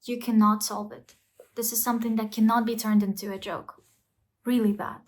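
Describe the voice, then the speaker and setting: A woman's voice: fairly high pitch, flat delivery, normal speed. A woman talking to camera in a casual, earnest self-help vlog, coaching the listener and asking rhetorical questions. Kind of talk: casual motivational talk to camera.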